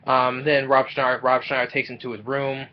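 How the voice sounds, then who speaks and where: A man casually recapping a film plot, rambling and halting, with many fillers and restarts. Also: medium pitch, flat delivery, highs cut off, a little hiss or hum. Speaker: movie reviewer.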